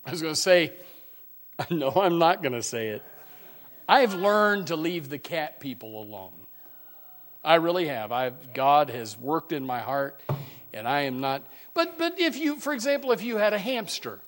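This is a church sermon from a pastor whose male voice runs fairly high and very animated, at a slightly slow pace. His folksy humor comes with many fillers and false starts, and he alternates soft asides with loud, forceful preaching.

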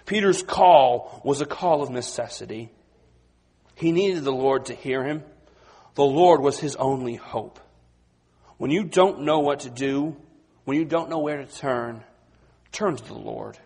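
Husky-voiced man preaching a sermon. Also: a little slow, pauses often. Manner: dynamic, swings from quiet to loud and high when acting out the disciples.

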